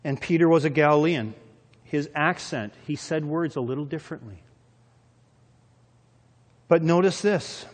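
A man preaching a sermon, reading scripture aloud and explaining it, with his loudness rising and falling dramatically. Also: on the high side, lively intonation, measured pace, long reverb tail. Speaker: pastor.

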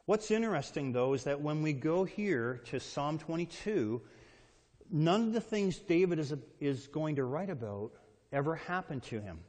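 A male pastor delivers a sermon with emphatic energy, reading scripture aloud and pausing to question his listeners. His voice sits a little high for a man. The sound carries a long reverb, as in a large church hall. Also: animated, darkish tone. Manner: emphatic, asks the congregation questions.

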